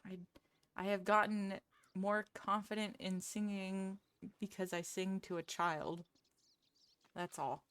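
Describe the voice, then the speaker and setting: A woman's voice: medium pitch, little pitch movement, slow pace, pauses often, fairly bright tone, clear, resonant tone, no room sound. A woman streamer chatting casually with her viewers, self-deprecating and laughing often. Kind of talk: casual live-stream chat.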